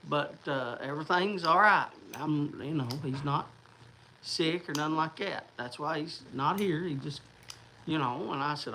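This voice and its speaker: A man chats loosely with his viewers, wandering from one thought to the next. His voice sits fairly high and has a gravelly fry. It sounds bright, with a faint hum of room noise behind it. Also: measured pace, rough recording. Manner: rambling, chatty, restarts and fillers. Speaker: livestream host. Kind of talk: casual livestream chat.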